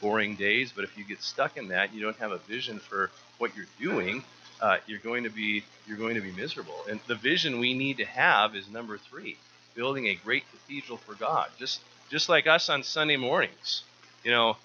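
Earnest, bright-voiced male preacher. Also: fairly low pitch, moderate pace, lo-fi sound, slight background noise. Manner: earnest, often repeats words while restarting. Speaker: church speaker. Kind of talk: informal sermon.

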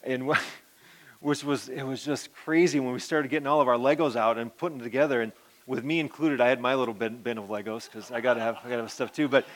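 A middle-aged man, a pastor, giving an earnest personal testimony that rambles with restarts and often sinks to a soft murmur. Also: medium pitch, fairly even intonation, quick pace.

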